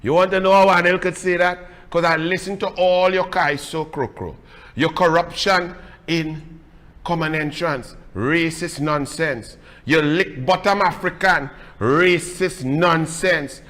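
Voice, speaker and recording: A man's voice: fairly high pitch, a little slow, a bit bright, long reverb tail. A man with a Trinidadian accent hosting a combative political monologue, mocking and scolding emphatically. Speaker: political commentator host.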